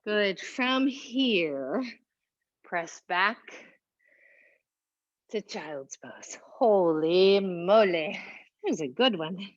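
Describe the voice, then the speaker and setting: A woman teaching a yoga class, cueing poses calmly while moving and a little out of breath. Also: mid-range voice, dull audio. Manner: slow, calm cueing with breathy whoops of effort. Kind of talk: guided yoga class instruction.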